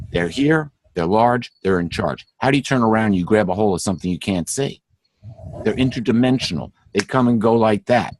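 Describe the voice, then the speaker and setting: A man's voice: lowish voice, no room sound. A middle-aged man speaking on a panel, fervent and preachy, often stumbling and restarting mid-sentence. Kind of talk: impassioned spiritual talk.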